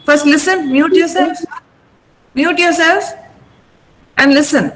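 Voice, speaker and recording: A woman's voice: high voice, slow pace, fairly bright tone, in a large hall, a little hiss or hum, low-quality recording. A woman teaching an online vocabulary class over a video call, patiently repeating words to drill the stress.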